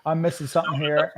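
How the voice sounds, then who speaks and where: A man with an East Coast Canadian accent rambles and laughs often while chatting casually on a livestream. His voice is on the high side, and there's a little hiss or hum in the audio.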